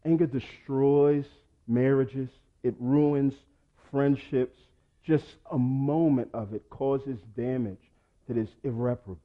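A pastor preaching a sermon, swinging between loud urging and low quiet asides. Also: male voice, phone-quality sound.

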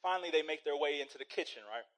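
A man's voice: fairly high pitch, racing, a bit bright, low-quality recording. Conversational male pastor preaching. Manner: conversational, storytelling with rhetorical "right?". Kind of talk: sermon.

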